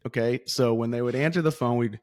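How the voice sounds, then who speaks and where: A man's voice: medium pitch, fast talker. A man telling stories in a casual podcast chat, acting out the voices as he goes. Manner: animated storyteller, acts out voices.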